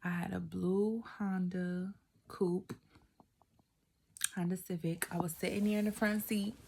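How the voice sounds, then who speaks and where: A woman's voice: fairly low pitch, flat delivery, unhurried, creaky, dark tone, a little hiss or hum. A woman vlogger sharing a personal faith testimony in an emotional, chatty way, talking straight to her viewers and sometimes dropping to a whisper. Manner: emotional, heartfelt storytelling, drops to a whisper at times; chatty, addresses viewers directly.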